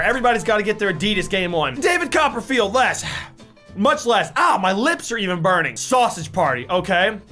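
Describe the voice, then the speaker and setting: A young man with a very high, bright voice, frantically yelping and coughing as ghost pepper burns his mouth. He pleads with the game and mocks himself between gasps, with music faintly under him. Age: young adult. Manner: frantic, yelping in pain, self-mocking. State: mouth burning, coughing, eyes watering. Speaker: YouTuber. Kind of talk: gaming and ghost pepper chip challenge commentary.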